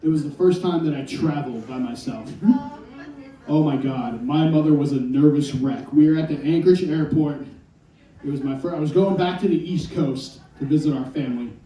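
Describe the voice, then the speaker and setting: A man's voice: fairly high pitch, normal speed, mellow. A man doing a stand-up comedy set, telling wry, self-deprecating stories on stage. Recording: echoey club from far off.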